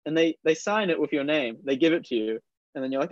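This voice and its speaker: A man's voice: on the high side, quick pace, dry recording. Young New Zealand man telling stories. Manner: laughs often while telling stories. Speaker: guest snowboarder. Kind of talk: casual storytelling. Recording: dull dry lo-fi sound.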